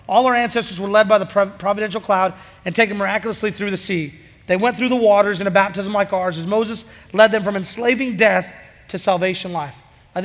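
A youth pastor man preaches with a quick, high voice, chatty and full of energy. He slips into acted snippets of conversation as he talks. His voice rings out with the long reverb of a church hall. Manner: energetic, conversational, acts out dialogue. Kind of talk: sermon.

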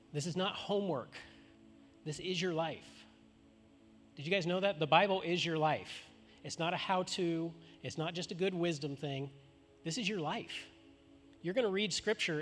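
A man preaching a sermon in a fairly high voice, talking loosely and conversationally and throwing rhetorical questions at the crowd. His voice rings out through a large church hall with a long reverb. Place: church auditorium.

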